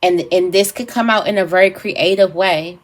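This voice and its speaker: A woman's voice: fairly low pitch, normal speed. A woman giving a casual tarot reading to camera, thinking aloud with fillers and restarts. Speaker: tarot reader.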